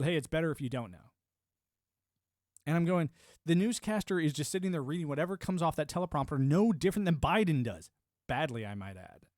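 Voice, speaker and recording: A man's voice: on the high side, darkish tone, no echo, clean studio sound. A man from the United States streaming a casual, rambling monologue, emphatic and prone to repeating words as he restarts his thoughts.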